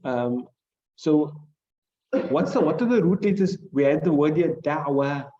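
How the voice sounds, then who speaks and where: A man with a South African accent teaches a class, patiently walking through grammar rules and repeating each point. His voice sits fairly high but has a mellow tone. The recording is dull and lo-fi. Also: animated, a little slow. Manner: explains patiently, repeats key points, checks understanding with "right?". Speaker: Islamic studies teacher. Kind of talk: classroom lesson on hadith and Arabic grammar.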